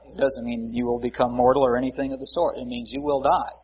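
Guy preaching a bible lesson, kinda husky, muffled lo-fi tape sound, chatty asides. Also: medium pitch, little pitch movement, fairly quick, hardly any pauses, a little mellow. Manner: conversational, folksy asides, reads scripture aloud. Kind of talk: Bible teaching sermon. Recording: muffled lo-fi recording.

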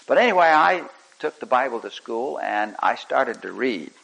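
Man, sermon, lively pitch, mid-range voice, emphatic then hushed, halting restarts. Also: vocal fry, low-quality recording. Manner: animated, swings between loud emphasis and soft hushed lines. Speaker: preacher.

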